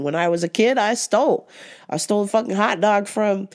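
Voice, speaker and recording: A woman's voice: mid-range voice, a little fast. A woman hosts a podcast and tells stories casually. She is blunt and candid, and she swears freely as she talks. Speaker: podcast host. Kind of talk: casual storytelling.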